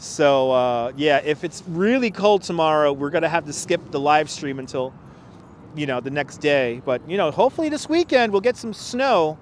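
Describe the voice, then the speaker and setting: A talkative man hosts a walking livestream from a chilly city park, his voice pitched a little high for a man. He chats loosely, laughs often and reads out viewer comments as he goes. Faint street traffic hums behind his clip-on mic. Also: lively intonation, normal speed. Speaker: livestream host and tour guide. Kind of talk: casual walking livestream chat. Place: outdoors in a city park at sunset, cold. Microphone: wireless clip-on mic.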